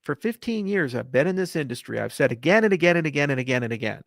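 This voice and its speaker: A man giving an unscripted, passionate and blunt monologue to camera, profane and swinging from quiet to loud. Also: on the high side, lively intonation, quick pace, creaky, hardly any pauses, dry recording, studio quality. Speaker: crypto industry founder. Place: Colorado.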